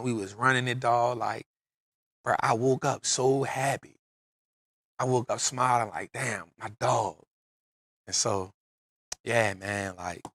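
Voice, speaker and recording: A male podcast host tells an emotional personal story in casual street slang, in a relaxed chat. His mid-range voice has a fairly bright tone, and the recording is studio quality with no echo.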